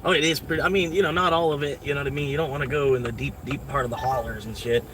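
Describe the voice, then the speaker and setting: A man's voice: mid-range voice, fairly even intonation, very fast. A man livestreaming from a vehicle, rambling casually and loosely with lots of "like" and "you know what I mean". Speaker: livestreaming rideshare driver. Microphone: phone camera. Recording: distant phone mic, loud road noise.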